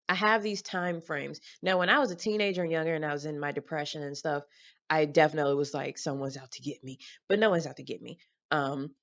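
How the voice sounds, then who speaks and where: A woman with a lowish voice rambles candidly to her camera at home. She swears freely and fills her talk with ums. The sound is dull and lo-fi. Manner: rambling and candid, with frequent fillers, swearing and laughter. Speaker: vlogger. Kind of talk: casual vlog chat. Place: home room lit by daylight. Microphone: camera mic.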